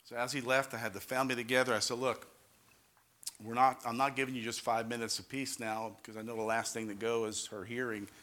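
A man's voice: mid-range voice, little pitch movement, brisk. Fervent older New York preacher man. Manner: fervent preaching, rising to loud exclamations, calls for amen. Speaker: pastor. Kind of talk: testimony sermon.

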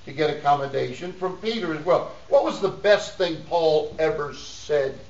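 A man's voice: a little high, moderate pace, darkish tone. A middle-aged man preaching a sermon in a folksy, joking way, laughing often between points. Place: church. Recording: echoey dull room sound from a distance.

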